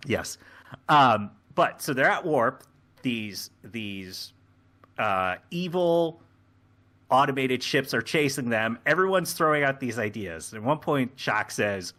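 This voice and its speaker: A man co-hosting a podcast, talking in a casual, rambling way with plenty of fillers. His voice is bright and forceful at a middle pitch, and he acts out scenes as he goes. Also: lively intonation, moderate pace. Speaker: podcast co-host. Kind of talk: casual chat recapping a show.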